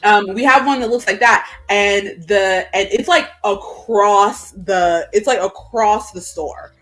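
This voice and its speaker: A woman co-hosting a casual chat show over a video call, telling animated stories and acting out the people in them. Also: mid-range voice, slow. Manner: animated, acts out voices while telling stories. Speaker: podcast co-host. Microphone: video call setup.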